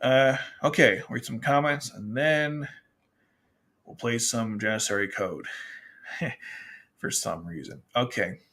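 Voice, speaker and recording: A man's voice: mid-range voice, slow pace, pauses often, a bit bright. A man casually chatting as a manga reviewer, rambling and restarting often, sometimes acting out characters' lines. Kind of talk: casual chat.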